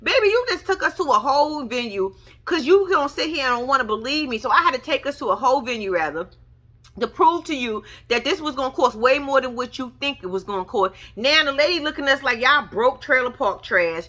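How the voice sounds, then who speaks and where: A young woman talks fast in a high voice, casually recapping reality TV. She mocks the people she mentions by acting them out, staying sassy and animated throughout.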